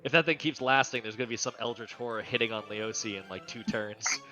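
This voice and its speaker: A man's voice: mid-range voice, fast talker, pushed and bright. A man playing a tabletop game, joking around in a playful way. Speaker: player. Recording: dull lo-fi mic with faint music.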